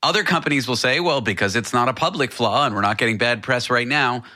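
A man's voice: mid-range voice, fast talker, bright, forceful tone, no echo, studio quality. A man hosting a radio show, chatting about tech in a wry, digressive way. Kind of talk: casual tech talk.

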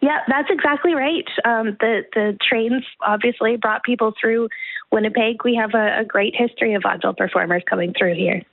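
A woman's voice: a little high, brisk, creaky, dry recording. Upbeat woman on a tinny line. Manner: upbeat, friendly. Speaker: guest performer. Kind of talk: live radio interview.

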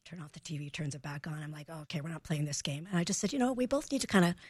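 A woman's voice: low voice, animated, rapid-fire, husky, no room sound, clean studio sound. A woman, a parenting expert, telling stories on a radio talk show and acting out both sides of each conversation. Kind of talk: storytelling in a radio interview.

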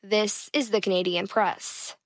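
A woman reads the news in a measured, formal way. Her voice sits in a middle range. The studio sound is dry and close, with no room around it. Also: mid-range voice, steady tone, dry recording. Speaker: news anchor. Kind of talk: news reading. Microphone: studio mic.

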